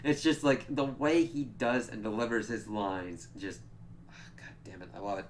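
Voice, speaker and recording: A man giving a casual spoiler review, excitable and profane, with many filler words. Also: lowish voice, normal speed, slight background noise. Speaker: TV episode reviewer.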